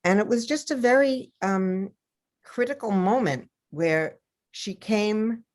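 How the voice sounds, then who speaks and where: An older woman author in an interview, telling personal stories in a lively way and acting out the voices of the people she quotes. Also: mid-range voice, slow pace. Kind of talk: storytelling interview over video.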